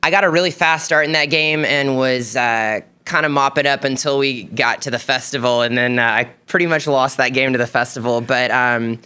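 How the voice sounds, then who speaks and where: A man's voice: medium pitch, moderate pace, hardly any pauses, sharp tone, clear, resonant tone. A man answering interview questions after a tournament final, hesitant, with many fillers.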